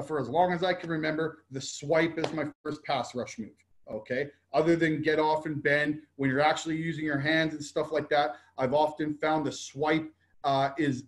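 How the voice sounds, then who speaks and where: A man coaching football, talking casually through drill footage and ending most phrases with a checking "okay?", with short repeated commands. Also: on the high side. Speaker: football defensive line coach. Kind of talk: instructional clinic talk over drill video.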